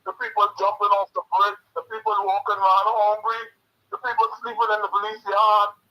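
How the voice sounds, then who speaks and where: A man's voice: high-pitched, level tone, a little fast, bright, forceful tone. A man with a Bahamian accent calling in to a talk show, impassioned and distressed, repeating himself over a phone line. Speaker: caller.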